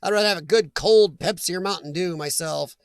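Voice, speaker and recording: A man's voice: high-pitched, brisk, no echo. A middle-aged man hosting a live chat stream, rambling and joking as he reacts to viewers' comments.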